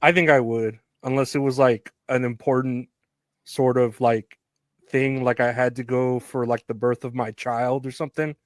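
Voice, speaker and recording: A man co-hosting a podcast, casually recapping a film with frequent laughs and halting restarts. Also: medium pitch, level tone, dry recording, clean studio sound. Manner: laid-back, laughs often, halting restarts. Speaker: podcast co-host.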